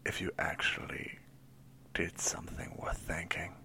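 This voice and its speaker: Male player in tabletop role-play, very deep gravelly voice, dry sarcasm. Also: little pitch movement, measured pace, pushed and bright, whispered.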